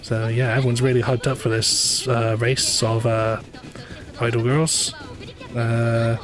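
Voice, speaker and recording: A man's voice: medium pitch, little pitch movement, a little slow. A man livestreaming a game, talking casually with lots of fillers, restarts and dry asides, with faint game music behind. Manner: rambling, many fillers and self-corrections, dry asides. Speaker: livestreamer playing a gacha game. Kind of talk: casual live commentary.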